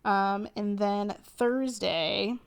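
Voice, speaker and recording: Chatty woman with a gravelly edge. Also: medium pitch, fairly even intonation, extremely slow. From Connecticut, USA. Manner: chatty and rambling, laughs often, says "y'all". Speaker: planner vlogger. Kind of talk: casual voiceover narration. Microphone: voiceover mic.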